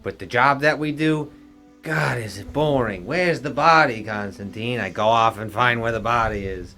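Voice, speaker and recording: A man's voice: mid-range voice, normal speed, pushed and bright, faint music behind. A man voicing a world-weary male protector of a city who is magically bound to a detective, complaining dryly about his boring job.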